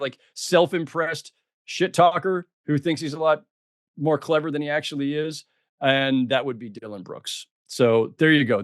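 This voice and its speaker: A man's voice: fairly high pitch, no room sound. Chatty middle-aged man, dry close mic. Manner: chatty, self-deprecating, many fillers and restarts. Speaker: podcast co-host. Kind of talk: casual podcast chat.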